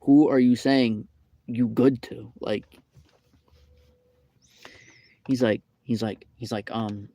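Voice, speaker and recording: A man's voice: mid-range voice, fairly even intonation, measured pace, warm tone, slight background noise, natural voice. A man playing a grumpy real-life Sonic the Hedgehog, rambling through an aggrieved, repetitive complaint in an improvised comedic rant.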